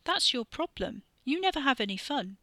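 A woman's voice: high voice, big pitch swings, moderate pace, sharp tone, dry recording, pitched above the performer's own voice, full character voice. A woman voicing a cocky young man who teases and mocks cheerfully. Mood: teasing. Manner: cheeky, mocking banter.

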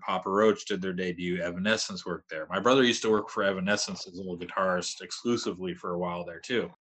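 Laid-back man with a low voice. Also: fairly bright tone. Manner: rambling, laid-back, with frequent "like" fillers. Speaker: podcast guest, metal vocalist. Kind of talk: casual storytelling chat.

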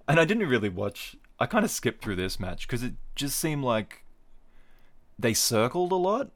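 Here a podcast host in a mid-range, fairly bright voice speaks at a measured pace with a sing-song lilt. Alone on the mic, he recaps fights and wanders into wry, joking tangents.

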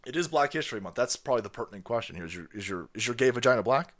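A man's voice: medium pitch, animated, rapid-fire, a bit bright. A man hosting a stream, ranting in angry, swearing, mocking commentary on a played clip. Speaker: stream host.

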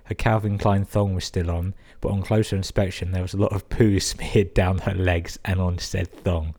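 A man's voice: sits low, little pitch movement, moderate pace, darkish tone. A man hosting a podcast, reading out listener emails and breaking in with crude, amused asides. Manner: crude, sweary, amused interjections. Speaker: podcast host.

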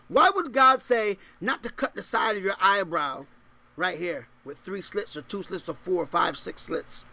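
High bright-voiced preaching pastor. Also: male voice. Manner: preaching with big swings between loud scripture reading and low asides; asks the congregation repeated rhetorical questions. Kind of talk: sermon.

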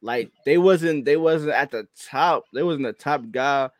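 A man co-hosting a podcast in relaxed casual chat, laid-back with easy laughter. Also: a little high, measured pace, no room sound, studio quality. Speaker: podcast co-host.

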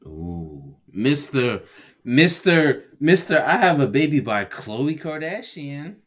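Profane male co-host, unhurried talk that leaps all over in pitch, loud exclamations. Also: very animated. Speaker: podcast co-host. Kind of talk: casual podcast banter.

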